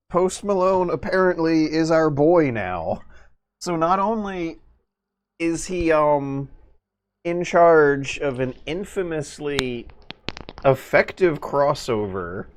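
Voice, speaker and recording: Rambling man streaming a game. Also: fairly high pitch. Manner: rambling and joking. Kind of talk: casual livestream commentary.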